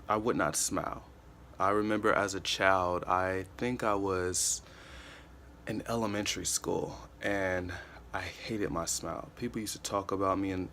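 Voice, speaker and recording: A man's voice: deep voice, pushed and bright, slight background noise. A man in his twenties giving an earnest, casual motivational talk, often repeating himself and saying "you know.". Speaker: motivational vlogger.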